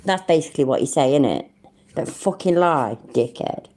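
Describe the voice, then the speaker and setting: A woman's voice: very deep voice, animated, normal speed, darkish tone. A British woman hosting a reaction video, mocking and swearing as she mimics and ridicules what she hears. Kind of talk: sarcastic reaction commentary.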